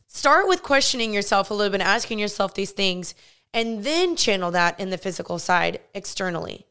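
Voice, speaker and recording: A woman's voice: medium pitch, fairly bright tone, clean tone. A young woman hosting a podcast, talking earnestly and casually about faith and fitness, with a frequent "like". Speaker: podcast host. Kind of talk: faith-based casual talk.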